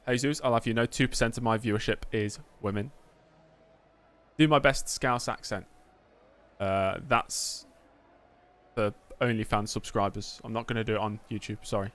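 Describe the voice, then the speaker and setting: A man's voice: mid-range voice, fairly bright tone. A man streaming live gameplay of a racing game, chatting and joking as he answers messages from his chat.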